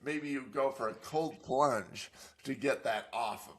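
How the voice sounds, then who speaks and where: A man's voice: medium pitch, slow. An older man co-hosting a podcast, telling a story in a rambling, hesitant way with lots of fillers. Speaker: podcast co-host. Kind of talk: casual comedic chat.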